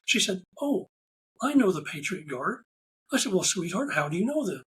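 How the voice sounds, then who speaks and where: A man talking as a podcast guest. He tells stories in a casual, animated way and acts out the lines of the people in them. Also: high voice, normal speed, a little hiss or hum, low-quality recording. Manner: animated anecdotal storyteller, acts out quoted dialogue. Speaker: podcast guest, ride photographer. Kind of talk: casual interview storytelling.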